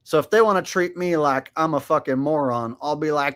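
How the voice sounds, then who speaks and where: A channel host with a fairly bright, somewhat high male voice talks briskly and with animation. He delivers profane, sarcastic commentary in a crude, mocking style, laughing frequently.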